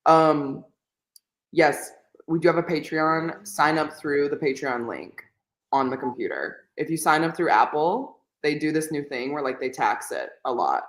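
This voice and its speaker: Over a laggy video call from an echoey room, a podcast co-host with a low-pitched, animated voice talks at a measured pace. On this casual reading livestream, she rambles chattily and keeps quoting people in put-on voices.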